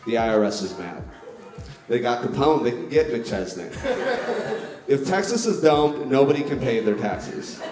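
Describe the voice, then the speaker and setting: A man doing stand-up on a comedy club stage, delivering a mock-formal slideshow presentation in a deadpan manner. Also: mid-range voice, moderate pace. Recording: echoey club with music.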